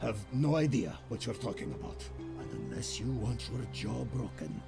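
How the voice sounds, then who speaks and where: A gravelly, threatening tough guy. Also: lowish voice, huge pitch swings, normal speed, exaggerated voice. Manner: cold and threatening. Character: hostile adult man, threatening and curt. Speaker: game character. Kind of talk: video game voice acting. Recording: game audio over background music.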